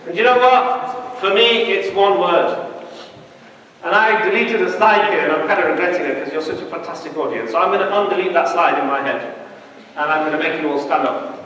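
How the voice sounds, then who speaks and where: A man, an imam, giving a lively public talk and speaking straight to his live audience. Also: sits high, a little hiss or hum. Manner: animated, addresses the audience directly. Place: large hall. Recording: echoey hall, mic from far off.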